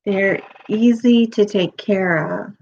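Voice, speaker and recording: Woman, middle-aged, losing her voice, slow, halting, casual live-stream chat. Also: mid-range voice, creaky, a little mellow, lo-fi sound. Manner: halting, with many pauses and ums.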